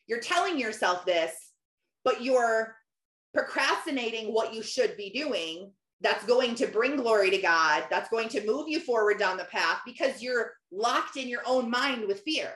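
A woman in her thirties talks earnestly on her faith podcast, slipping into animated bits of her own inner dialogue. Her voice sits a little high, and the room around her rings with echo. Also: normal speed. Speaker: podcast host. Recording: echoey room.

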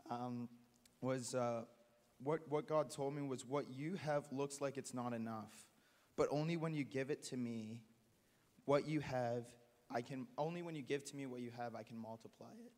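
Guy telling his church story, halting and earnest, big hall echo. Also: medium pitch, darkish tone. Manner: halting, earnest, many restarts. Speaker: church member sharing testimony. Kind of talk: testimony at a church meeting. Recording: long hall reverb.

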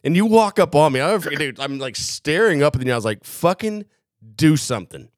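Animated swearing man telling war stories. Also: on the high side, very fast, no room sound, studio quality. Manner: animated, swearing, acts out his own past lines. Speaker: podcast co-host. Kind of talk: casual storytelling chat.

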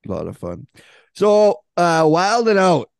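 A man's voice: high voice, huge pitch swings, unhurried, creaky, no room sound, clean studio sound. A man hosting a podcast, asking questions in an easygoing way, laughing often and swearing casually. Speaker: podcast host. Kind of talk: casual interview chat.

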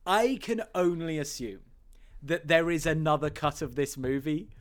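A podcast co-host chatting casually about a film, animated and quick to laugh, swearing now and then. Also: medium pitch. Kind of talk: casual film review chat.

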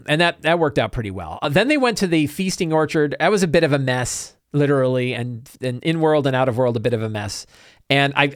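A man in a mid range recaps his tabletop campaign casually. He rambles and keeps adding quick asides. The recording is dry and close, with no room sound. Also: mid-range voice, no room sound. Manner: rambling storytelling with many asides and "right?". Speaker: podcast host and game master.

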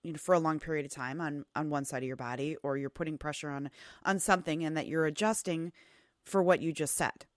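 Woman, interview host, thoughtful questions, halting delivery, low pitch, dry recording. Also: fairly even intonation, no room sound. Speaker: podcast host. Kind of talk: conversational interview.

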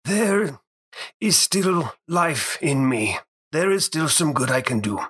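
A man playing an earnest retired general, bright husky voice. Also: on the high side, animated, takes it slowly, voice pushed up, exaggerated voice. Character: retired male lieutenant general, earnest and proud.

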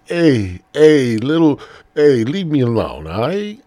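A man's voice: fairly high pitch, big pitch swings, slow pace, no room sound, pitched above the performer's own voice. A man putting on a whiny sleepy penis with a bad fake Mexican accent. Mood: sleepy whining. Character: sleepy grumpy male penis, whiny, wants to be left alone.

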